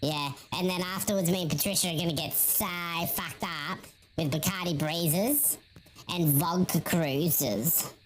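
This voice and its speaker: A man's voice: a little high, unhurried, noisy background, natural voice. A man voicing a giddy young woman who gushes about partying, in breathless rambling chatter.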